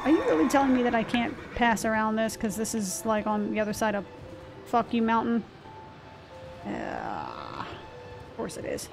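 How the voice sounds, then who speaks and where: With game music behind her, a woman gives casual, profane commentary on her gameplay, talking straight to the monsters as she fights. Her voice is a little high, steady in tone, and brisk.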